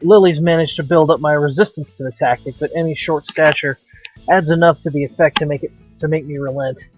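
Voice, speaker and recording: A man's voice: a little high, fairly even intonation, brisk, faint music behind. A man hosting a let's play, reading a visual novel aloud with dramatic, wry narration.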